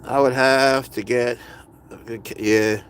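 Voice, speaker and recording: A man's voice: mid-range voice, fairly even intonation, unhurried, fairly bright tone, a little hiss or hum. Man rambling casually on a livestream. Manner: rambling, answers viewers' comments. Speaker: livestream host. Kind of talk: casual live-stream chat.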